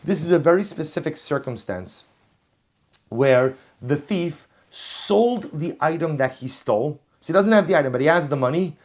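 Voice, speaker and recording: A man's voice: fairly high pitch, animated, moderate pace, darkish tone. A man, a rabbi, giving an emphatic Torah lesson, reading phrases and repeating key lines for emphasis. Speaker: rabbi teaching. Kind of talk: Torah class lecture.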